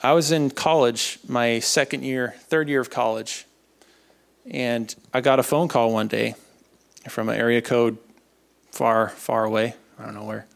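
Young man, gravelly voice, earnest faith testimony, halting, repeats words. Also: medium pitch, steady tone. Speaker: speaker sharing a testimony.

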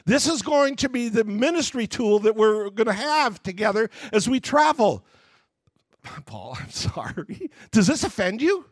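A man voicing a gentle, apologetic gospel writer who speaks softly and hesitantly. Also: very high-pitched, normal speed, hardly any pauses, no echo, clean studio sound. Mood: sheepish.

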